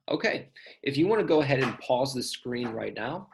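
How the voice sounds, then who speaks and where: A man's voice: mid-range voice, big pitch swings, normal speed, gravelly, a little hiss or hum, poor audio. A male teacher recording patient, step-by-step instructions for a parent and child in a remote lesson.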